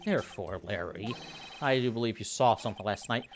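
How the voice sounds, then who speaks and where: Aloof, icy prosecutor man for a game playthrough, voiced by a woman; deep and controlled. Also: faint music behind. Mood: cold. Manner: cold, measured, lowered voice. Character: cool, haughty male prosecutor.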